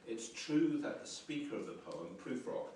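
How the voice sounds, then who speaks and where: A man's voice: mid-range voice, big pitch swings, normal speed, warm tone, slight background noise. A man giving a university lecture on poetry, reflective and hesitant, with many ums and restarts. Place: lecture room. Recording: roomy echoey lecture hall, mic at a distance.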